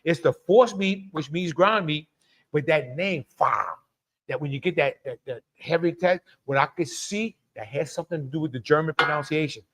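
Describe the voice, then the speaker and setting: A man's voice: a little high, moderate pace, fairly bright tone. A middle-aged man hosts a live cooking stream in a chatty way, greeting viewers by name and laughing often. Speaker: cooking show host.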